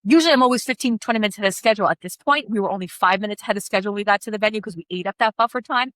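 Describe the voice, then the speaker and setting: A woman wedding coordinator in casual chat, telling a story in an animated, blunt way, swearing freely and acting out what people said. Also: mid-range voice, racing, no echo.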